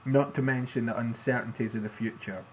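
Steady-voiced man on dull, faintly noisy audio. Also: mid-range voice, a little fast. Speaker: podcast co-host. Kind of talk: casual podcast chat and reading listener mail.

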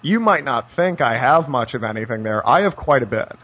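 A man's voice: medium pitch, lively intonation, a little fast, slightly rough, no room sound, highs cut off. A man teaching poker strategy in a conversational way, telling stories with dry, wry asides. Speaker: poker coach. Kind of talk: instructional poker talk.

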